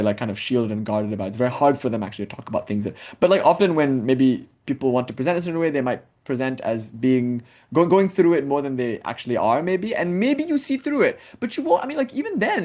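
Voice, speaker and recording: Here the young lecturer speaks quickly and expressively at medium pitch, his slightly mellow voice hardly pausing. His informal spiritual talk is loaded with "like" fillers and asides, and he chants Sanskrit verses at times.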